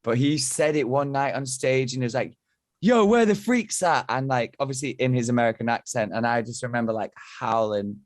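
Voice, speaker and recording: A man's voice: mid-range voice, fairly even intonation, a little fast, hardly any pauses, dry recording, studio quality. A man from England talking as a podcast guest, rambling and swearing freely while he tells stories. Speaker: podcast guest, band member. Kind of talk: casual chat.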